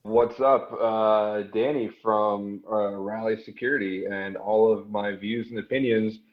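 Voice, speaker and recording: A man's voice: fairly low pitch, steady tone, a little slow. A man guest on a group podcast, making dry jokes over a dull online call. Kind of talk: casual group podcast chat.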